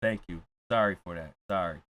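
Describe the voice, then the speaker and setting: A man doing comedic reaction commentary, ranting loudly and often shouting his punchlines. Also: sits low, fairly quick. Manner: repeats jokes for effect. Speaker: reaction streamer.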